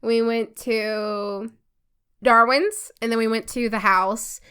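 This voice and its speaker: Woman co-host, chatty storyteller, bright tone. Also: a little high, fairly even intonation, slow pace, clean tone. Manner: chatty storyteller, laughs often. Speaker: podcast co-host. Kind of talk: casual chat.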